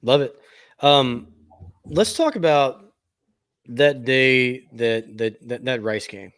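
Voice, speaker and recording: A man's voice: mid-range voice, takes it slowly, a bit bright. A man hosting a podcast who asks questions in a casual, upbeat way, often restarting his sentences. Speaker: podcast host. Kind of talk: casual interview.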